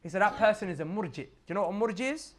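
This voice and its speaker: This male Islamic preacher sounds high, animated and fast as he delivers an informal religious reminder. Using street slang, he keeps hitting his audience with forceful rhetorical questions.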